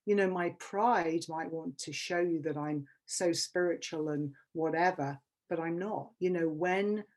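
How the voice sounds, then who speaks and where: A woman's voice: fairly low pitch, measured pace, darkish tone. A British woman in her fifties giving a candid, emotional personal talk at a workshop, repeating words for emphasis. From England. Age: 50s. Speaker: workshop speaker.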